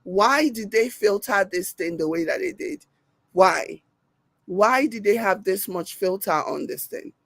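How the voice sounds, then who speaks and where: A woman's voice: mid-range voice, lively intonation, a little slow, no room sound. A woman with a Nigerian accent hosting a casual live stream, reading viewer comments aloud and laughing often. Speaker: commentary host reacting to a video and reading live chat.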